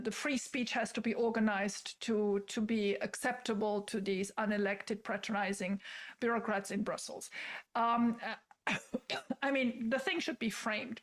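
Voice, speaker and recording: A woman whose first language is French, giving animated opinions in a casual chat, repeating words and laughing often. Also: fairly high pitch. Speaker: guest commentator.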